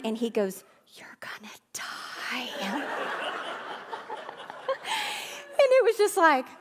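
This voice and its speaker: High-voiced woman preaching a sermon. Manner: conversational, storytelling with asides. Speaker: pastor.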